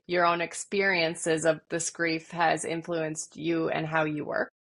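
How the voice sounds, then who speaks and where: A woman's voice: low voice, flat delivery, a little slow, fairly bright tone. A woman in her forties hosting a podcast interview, affirming her guest and asking open questions. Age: 40s. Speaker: podcast host, coach. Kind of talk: conversational interview.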